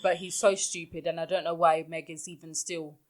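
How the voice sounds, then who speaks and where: A woman's voice: fairly low pitch, little pitch movement, fairly quick. A woman hosting a casual podcast recap, blunt and exasperated in her opinions. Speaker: podcast host.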